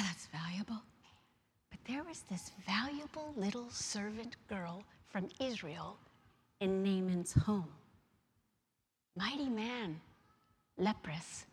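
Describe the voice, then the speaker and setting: A woman's voice: medium pitch, slightly rough. Woman preaching with emphatic storytelling. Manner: storytelling, emphatic, asks the listeners questions. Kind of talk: sermon. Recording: long reverb of a large hall.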